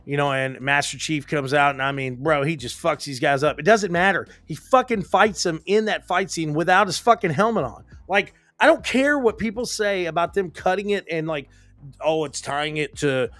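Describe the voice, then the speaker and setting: A man co-hosting a casual gaming podcast, ranting with plenty of swearing. His voice sits a bit high and sounds dry and close to the mic. He talks from a home office in loose, excitable bursts. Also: moderate pace, no echo. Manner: ranting, profane, animated. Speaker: podcast host.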